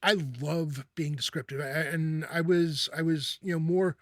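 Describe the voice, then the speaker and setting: A man hosting a casual chat, talking in halting bursts with many restarts and repeated words. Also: on the high side, steady tone, dry recording, studio quality. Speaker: host.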